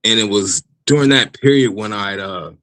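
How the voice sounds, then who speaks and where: A man telling his personal faith testimony in a casual interview, animated, laughing often and restarting his sentences. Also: on the low side, normal speed, dry recording, poor audio. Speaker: guest giving testimony.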